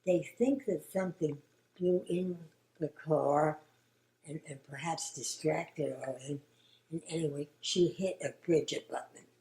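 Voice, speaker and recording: Low-voiced older woman, hushed and reflective. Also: steady tone, roomy sound, rough recording. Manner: reflective, halting, often sinking to a hushed whisper. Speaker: grandmother recalling family history. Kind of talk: oral history interview.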